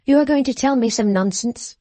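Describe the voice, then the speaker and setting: A woman voicing a calm, distracted middle-aged mother who brushes off her daughter with cool composure. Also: fairly high pitch, brisk, no echo, close to an everyday voice. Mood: serenely dismissive.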